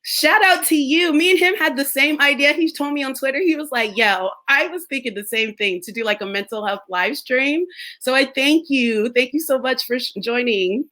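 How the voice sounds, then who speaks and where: Animated young woman chatting on a live stream. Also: sits high, moderate pace. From United States. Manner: animated storytelling, laughs often, mimics others. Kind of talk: casual chat.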